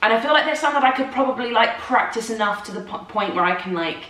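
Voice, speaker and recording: Her voice sits a little high, with a sharp tone, lively intonation and a fast pace. A musical theatre performer and co-host, she chats casually on a morning show about her acting, self-deprecating and talkative. The roomy recording catches her from a distance, off the mic.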